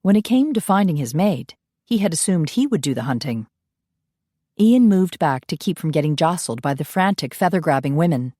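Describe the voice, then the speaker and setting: Low, mellow woman audiobook narrator. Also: lively intonation, normal speed, no room sound, clean studio sound. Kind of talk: scripted narration.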